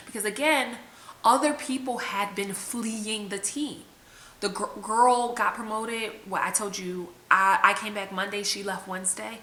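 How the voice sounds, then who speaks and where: A woman's voice: mid-range voice, unhurried, bright, forceful tone. A woman vlogger telling a personal story to the camera in a candid, emotional, conversational way. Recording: echoey room with faint hiss.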